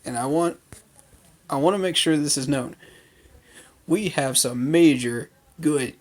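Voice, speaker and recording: A man's voice: a little high, a little slow, darkish tone. A man giving an unscripted recap of a training day, talking loosely with lots of fillers and firm opinions. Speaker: fan commentator. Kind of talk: casual recap vlog.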